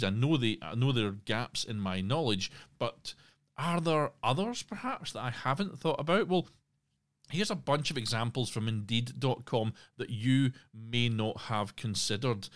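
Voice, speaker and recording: A man's voice: mid-range voice, a bit bright. A man hosting a solo podcast, talking casually with asides and restarts. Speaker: podcast host.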